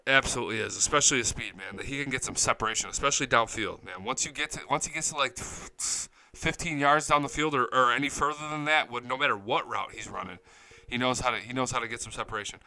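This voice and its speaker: A man's voice: mid-range voice, fast, bright, forceful tone, low-quality recording. A man hosting a live-streamed sports talk show, hyped and profane, jumping from topic to topic. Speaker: sports podcast host. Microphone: studio mic, close and dry.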